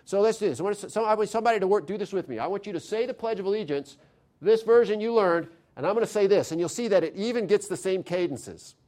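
With a high voice and a quick pace, a man lectures an audience on constitutional theory. His style is lively and conversational, and he often poses questions to the listeners.

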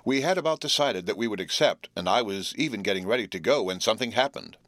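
A man's voice: lowish voice, expressive, fairly bright tone, dry recording. A man voicing a cheerful teenage boy who teases his friends while telling news. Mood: teasing. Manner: teasing, drawn-out storytelling.

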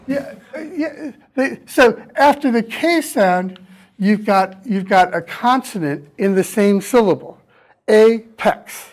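A university lecturer teaches a class step by step, voicing sample vowel sounds as demonstrations and fielding students' questions. His voice sits high with lively intonation, and he talks a little slowly.

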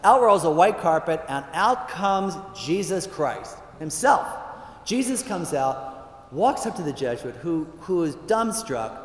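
A male priest telling jokes in a chatty, animated way, full of fillers, in a large hall. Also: a little high, measured pace. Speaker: priest speaker. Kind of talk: humorous talk with jokes. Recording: echoey hall with long reverb.

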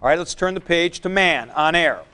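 A man's voice: on the high side, moderate pace, sharp tone, clean tone. A man teaching a Greek grammar class, explaining patiently, repeating his points and reciting word forms. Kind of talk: classroom lecture.

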